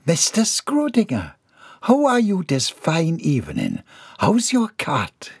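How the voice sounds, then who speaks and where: A man's voice: on the high side, wildly swooping pitch, slow pace, breathy edge, no room sound, studio quality, voice pushed up, heavily acted. A man voicing a nervous, polite woman housekeeper hosting a 1920s garden party. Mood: deflecting. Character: fretful woman housekeeper hostess.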